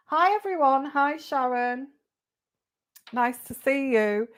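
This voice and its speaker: A woman's voice: high-pitched, expressive, takes it slowly, pauses often. A woman doing a live-stream tarot reading. She greets viewers by name and repeats their questions aloud in a chatty way. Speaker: tarot reader.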